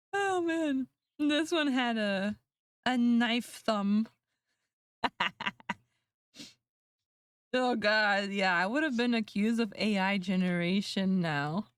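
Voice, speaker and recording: A woman's voice: a little high, smooth, dry recording. A woman streamer chatting casually with her viewers, laughing often and mocking herself. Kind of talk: casual livestream chat.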